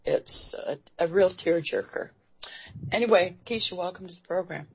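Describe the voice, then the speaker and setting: A woman hosting an interview program, talking in a halting way with many fillers and restarts. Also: on the low side, vocal fry, bright, forceful tone, husky. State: emotional, near tears. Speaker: radio show host. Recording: dull lo-fi recording.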